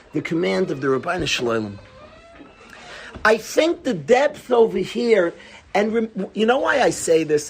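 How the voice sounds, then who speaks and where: Leading a lively Torah class, a man whose voice sits high drives his points home emphatically. He returns to key phrases again and again and asks rhetorical questions.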